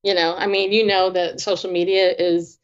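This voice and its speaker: Woman, interview guest, expressive storyteller, acts out dialogue, frequent laughter, muffled low-fidelity sound. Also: normal speed, clear, resonant tone. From not from the American South. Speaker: guest author and Christian therapist. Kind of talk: animated personal storytelling. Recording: dull lo-fi audio.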